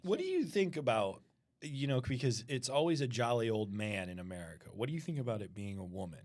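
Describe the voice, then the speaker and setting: Teacher, school podcast host, mid pitch, patient, asks follow-up questions, keeps kids on topic. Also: big pitch swings, fairly quick, darkish tone. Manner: patient, steers chatty kids back on topic. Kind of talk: casual classroom podcast chat.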